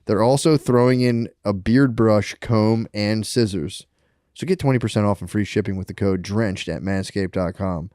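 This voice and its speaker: A man's voice: on the low side, normal speed, dark tone, no room sound. Man reading a podcast ad, dry close sound. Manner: joking, playful. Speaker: podcast co-host. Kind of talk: casual podcast banter and read ad.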